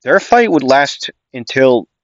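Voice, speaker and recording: A man's voice: medium pitch, very animated, slow, no echo, muffled recording. A young man casually improvising a fan story, rambling with many fillers and restarts.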